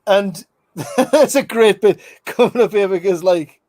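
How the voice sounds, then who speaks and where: A man's voice: sits high, measured pace, a little mellow, dry recording. A man hosting a casual movie commentary, rambling with restarts and frequent laughs. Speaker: film commentary host.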